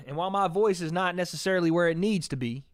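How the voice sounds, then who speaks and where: Chatty male livestream host, smooth voice. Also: sits high, fast talker, no room sound, clean studio sound. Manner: chatty, reads donations aloud, talks to chat. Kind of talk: casual livestream chat.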